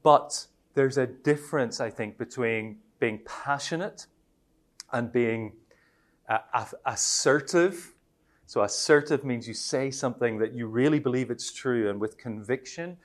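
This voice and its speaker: A man's voice: mid-range voice, a little slow. Conversational Irish man teaching a workshop. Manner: conversational, chuckles often; acts out example phrasings. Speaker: Christian trainer.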